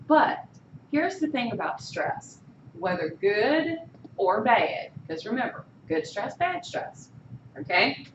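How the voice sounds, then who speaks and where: A woman's voice: medium pitch, slow pace, a little hiss or hum. A woman instructor giving a classroom lecture, asking her students questions and often checking in with "okay?". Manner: animated, keeps checking in with "okay?". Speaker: college instructor. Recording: echoey room, voice from far off, muffled.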